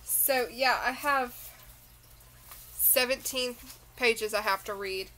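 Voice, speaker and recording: A woman's voice: on the high side, slow, bright, forceful tone, slight background noise, low-quality recording. A tired woman with a Southern accent, rambling through a casual beauty unboxing chat full of tangents. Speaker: beauty vlogger.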